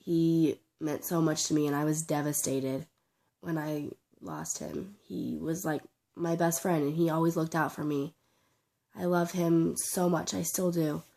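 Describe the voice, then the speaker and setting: A young woman with a sore throat talking in a personal vlog, halting, tearful and full of restarts. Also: deep voice, fairly even intonation, creaky, warm tone. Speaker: vlogger.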